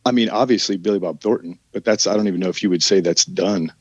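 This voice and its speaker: A low-voiced man with a gentle Southern American drawl, rambling through his thoughts with frequent restarts. The sound is dry and close, a little dull and muffled. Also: fast, husky, no echo. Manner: rambling, many restarts and trailing sentences. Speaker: actor and podcast guest. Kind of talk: casual podcast interview.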